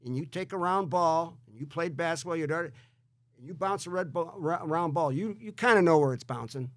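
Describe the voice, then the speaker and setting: A male host in a conversational interview, speaking in an animated way and often repeating words as he gets going. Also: fairly high pitch, a little fast, no room sound. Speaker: show host.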